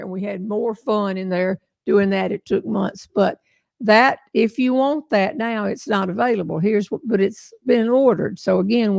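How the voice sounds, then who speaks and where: A woman's voice: mid-range voice, gravelly, darkish tone, no room sound. An older woman with a Southern American accent, chatting folksily with viewers as host of a casual livestream. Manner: folksy, chatty storyteller, laughs often.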